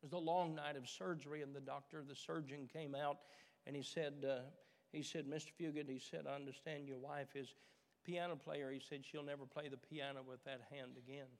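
Middle-aged man, pastor, sermon, fervent, repeats phrases, slightly high voice, long church reverb. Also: flat delivery, brisk. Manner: preaching with rising fervor, repeating phrases.

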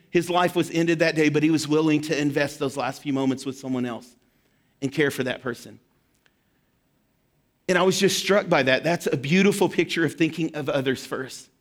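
High-voiced man preaching a sermon. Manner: storytelling, drops to a hushed tone for emphasis. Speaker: pastor.

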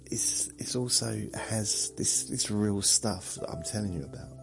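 A man's voice: fairly low pitch, unhurried, creaky, over music. A man hosting a sleep podcast, meandering through a rambling monologue and chuckling at himself. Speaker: podcast host.

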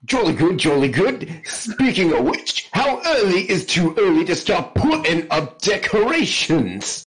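A hammy, over-the-top Englishman, put on by a man in a deliberately silly English accent. He pitches his voice higher than his own and stretches each line out. The drawled "oi" and "mate" come at a leisurely, theatrical pace. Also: big pitch swings, low-quality recording. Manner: hammy, slowed and drawn out, saying "oi" and "mate". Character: jokey exaggerated Englishman, male adult. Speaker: podcast co-host.

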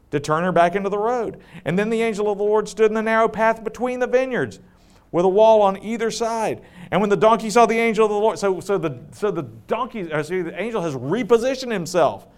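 A man preaching a sermon, retelling scripture in a conversational way with joking asides and laughter, and dropping low and slow when he reads the text.

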